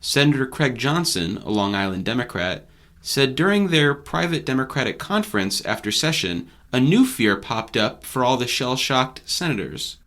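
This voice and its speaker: A man hosting a news podcast, reading his scripted narration in a measured, even way. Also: medium pitch. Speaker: podcast host and reporter.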